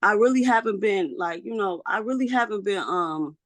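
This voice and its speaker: A woman's voice: medium pitch, moderate pace, no echo. A woman speaking as a mother in a court hearing, frustrated and pleading, from home over a video call. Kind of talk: emotional court testimony.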